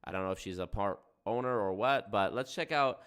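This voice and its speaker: A man's voice: lowish voice, a little fast, a bit bright, smooth. A young man hosting a livestream, talking in a sarcastic, profane, rambling way. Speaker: livestream host. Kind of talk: casual stream commentary.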